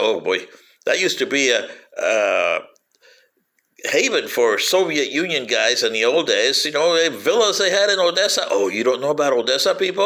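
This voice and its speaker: A man's voice: mid-range voice, sing-song, normal speed, pushed and bright. A man giving a sarcastic, rambling monologue to camera, teasing his listeners with sing-song taunts and cackles. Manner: rambling with frequent fillers. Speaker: political commentator.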